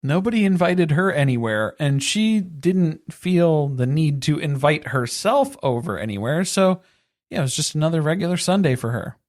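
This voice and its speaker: A woman's voice: sits low, expressive, moderate pace, darkish tone, no echo. A woman co-hosting a podcast, recapping a reality show in casual chat with dry, sarcastic humor. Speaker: podcast co-host.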